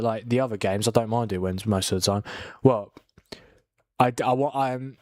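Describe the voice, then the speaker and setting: A man's voice: mid-range voice, no room sound, clean studio sound. A tired young man hosting a live football watchalong, chatting casually and yawning between restarts. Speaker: watchalong host.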